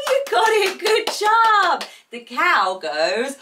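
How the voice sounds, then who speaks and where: A woman leading a toddler sing-along lesson in a bright sing-song voice with exaggerated cheering. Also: extremely high pitch, wildly swooping pitch, slow pace, recorded from a distance, heavy background noise. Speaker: preschool teacher.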